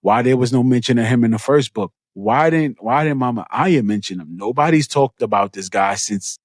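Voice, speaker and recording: Animated man retelling a book, dry sound. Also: mid-range voice, moderate pace, no echo. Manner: animated retelling with acted-out quotes. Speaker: book podcast co-host. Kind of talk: casual book discussion.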